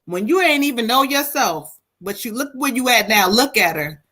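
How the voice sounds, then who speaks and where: A woman voicing a caring late father speaking from beyond, low, tender and folksy. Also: lively intonation, moderate pace, pushed and bright.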